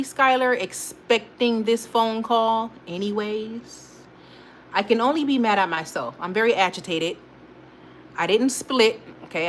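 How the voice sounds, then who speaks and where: A woman in a casual live-stream chat, animated and rambling, full of slang and quick restarts. Her voice sits at a middle pitch, neither high nor low. A faint hiss sits under her talk. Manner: rambling and animated, talks straight to viewers, frequent laughs and restarts; informal slang-heavy speech. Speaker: host of a weekly live check-in stream.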